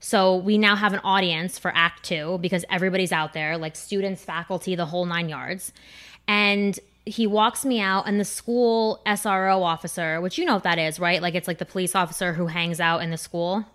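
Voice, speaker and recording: A woman's voice: on the low side, normal speed. A woman from New Jersey, a comedian guest telling a story on a casual podcast and acting out the quoted voices. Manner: animated, acts out quoted voices.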